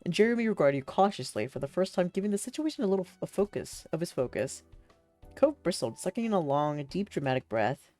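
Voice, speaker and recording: Lively woman streamer reading a game aloud. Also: lowish voice, fast talker, faint music behind. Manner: lively, breaks into laughter. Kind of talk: reading a visual novel aloud.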